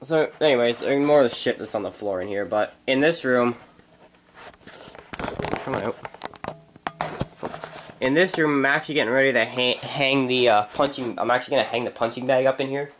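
A man's voice: medium pitch, moderate pace, pauses often, fairly bright tone, a little hiss or hum. Angry, swearing male vlogger. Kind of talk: casual vlog rant. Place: inside a house.

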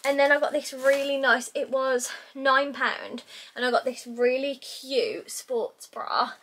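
A woman's voice: high-pitched, a little slow, a bit bright. A young woman vlogging to camera in a casual, rambling way, full of fillers. She is indoors in her messy bedroom. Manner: rambling, chatty, filler-heavy.

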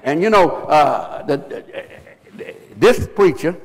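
A man preaching a sermon, impassioned, rising into emphatic shouts and asking the congregation questions. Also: a little high, lively intonation, slow pace. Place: church sanctuary. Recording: live church recording with long reverb.

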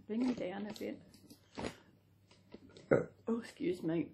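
A woman's voice: mid-range voice, slow, gravelly, long pauses, mellow. A middle-aged Australian woman chatting casually to camera, rambling and correcting herself as she goes. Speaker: doll collector vlogger.

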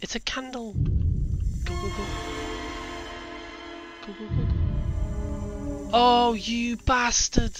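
A man's voice: very high voice, fairly even intonation, extremely slow, long pauses. A man playing a horror game who talks to himself, is easily startled and swears a lot. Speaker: let's play gamer. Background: game music.

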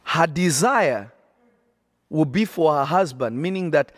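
A man's voice: fairly high pitch, animated, measured pace, dry recording, clean studio sound. A man preaching on a podcast, emphatic and repetitive, often checking that listeners follow. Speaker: prophet and podcast host.

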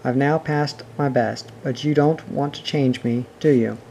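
A man's voice: medium pitch, a little slow, creaky, a little hiss or hum. A man reading aloud, voicing a prim, motherly girl playing house in a storybook. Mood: prim fond. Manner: prim, fussy, gently scolding. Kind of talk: audiobook reading.

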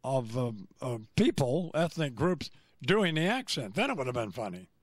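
An older man hosting morning radio, gruff and grumbling about the news. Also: mid-range voice, very animated, normal speed, dry recording, studio quality. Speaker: radio host.

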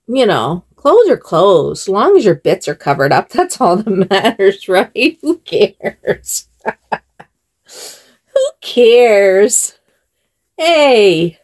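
A woman vlogs casually as she dresses dolls. She speaks at an unhurried pace, with a lively, swooping pitch. She sounds chatty and breaks into giggles often. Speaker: doll channel vlogger.

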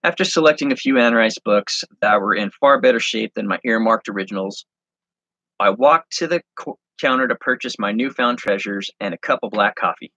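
A man reading his handwritten story aloud, halting and correcting himself as he goes. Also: on the low side, pushed and bright, no room sound, dull audio. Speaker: online reseller and host.

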